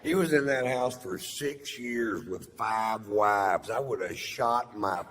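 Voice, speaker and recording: A middle-aged man, doing a stand-up set with drawling, deadpan storytelling and crude punchlines. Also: lowish voice, slow pace. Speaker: stand-up comedian. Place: large theater stage with audience laughter. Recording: live hall recording with long reverb and audience noise.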